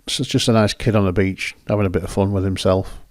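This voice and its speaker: A man's voice: sits low, fairly even intonation, fast talker, dry recording, studio quality. A man hosting, chatting casually and rambling as he talks through his photos. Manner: rambling, self-correcting, chatty. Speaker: photographer and host. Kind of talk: casual commentary over photos.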